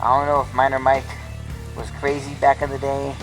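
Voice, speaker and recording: A man's voice: mid-range voice, completely flat delivery, a little fast, faint music behind, low-quality recording. A man casually telling a ghost story, rambling with lots of filler words and restarts.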